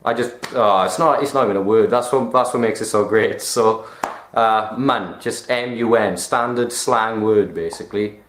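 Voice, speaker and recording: A man's voice: lowish voice, moderate pace, a bit bright, echoey room. A young man from Wales with a Welsh accent, chatting casually about local slang, rambling, swearing and poking fun at himself. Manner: rambling, self-mocking, swears and laughs at himself. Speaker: vlogger.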